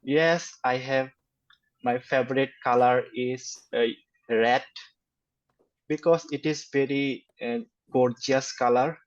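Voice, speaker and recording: Slow hesitant young man, muffled recording. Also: mid-range voice. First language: Bengali. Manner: slow, hesitant, many fillers and flat syllable-timed delivery. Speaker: test candidate. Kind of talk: spoken exam answers. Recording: dull lo-fi sound.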